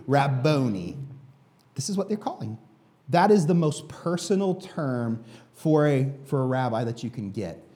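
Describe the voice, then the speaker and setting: Animated man preaching, mellow tone. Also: on the high side. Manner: animated, emphatic, addresses the congregation directly. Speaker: pastor. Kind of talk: sermon.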